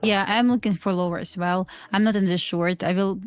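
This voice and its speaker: A woman's voice: mid-range voice, steady tone, fairly quick, clear, resonant tone, no room sound. A woman with a mid-range voice walks through her trade plan on a live stream. Her English is plain and explanatory with grammar, recorded dry and close. Faint music sits underneath. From Belarus. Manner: plain explanatory talk with non-native grammar. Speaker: futures trader co-host. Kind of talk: live trading commentary.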